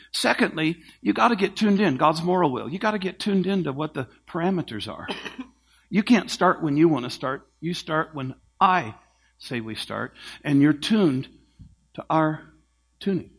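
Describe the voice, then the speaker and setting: A man preaching a sermon, telling stories and acting out other people's lines, moving between loud, punchy phrases and hushed, quiet ones. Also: fairly high pitch, normal speed, creaky, husky. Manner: animated storytelling, acting out voices of others, swinging from loud to hushed. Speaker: pastor.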